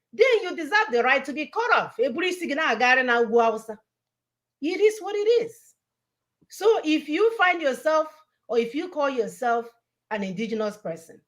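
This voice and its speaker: A woman with a fairly high voice delivers a fiery political talk. She hammers home warnings and repeats her points like a preacher. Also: fairly bright tone. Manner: preachy, emphatic, repetitive warnings. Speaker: online show co-host.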